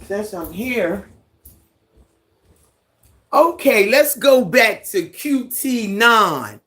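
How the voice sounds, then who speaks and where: Casual and unhurried, a mid-range voice greets viewers and reads their comments aloud on a livestream. The host has lived ten years on a Caribbean island and speaks from home, indoors, near a fan.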